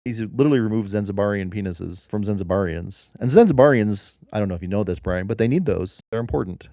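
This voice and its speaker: Low-voiced man spinning absurd yarns. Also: fast talker, no echo. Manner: rambling, deadpan absurd storytelling with many restarts. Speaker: podcast co-host. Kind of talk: improvised comedic storytelling.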